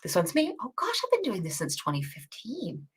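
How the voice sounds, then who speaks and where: A woman co-hosting a coding bootcamp livestream, chatty and self-deprecating with quick asides. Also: fairly high pitch, huge pitch swings, husky. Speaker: bootcamp co-host. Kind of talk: casual livestream teaching chat.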